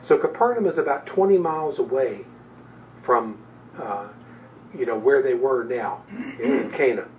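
A man's voice: medium pitch, lively intonation, unhurried, pauses often. A man teaching a Bible study in an informal, conversational way, with frequent fillers and restarts. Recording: distant, dull room recording with faint background noise.

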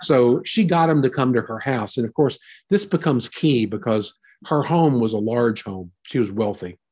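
A man's voice: mid-range voice, expressive, moderate pace, darkish tone, breathy edge. A man teaching a Bible passage in a conversational sermon, retelling and explaining it in a folksy way.

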